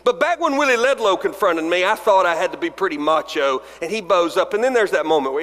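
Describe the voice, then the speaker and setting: This man, a forties-aged pastor from Alabama, speaks at a fairly high pitch, brisk and a bit bright, with lively intonation and hardly any pauses. He jokes at his own expense and acts out dialogue while storytelling in a sermon, his words echoing through a large chapel's long reverb.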